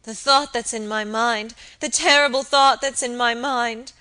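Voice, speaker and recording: A woman voicing a distraught young maid who pleads and sobs in a high, loud, frantic voice. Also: steady tone, a little slow. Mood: pleading.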